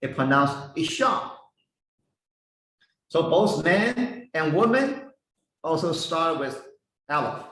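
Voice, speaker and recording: A man teaching a Bible lesson, slowly spelling out Hebrew words and their meanings one by one. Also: on the high side, lively intonation, fairly bright tone, a little hiss or hum. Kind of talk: slow explanatory lesson. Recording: echoey room, voice heard from a distance.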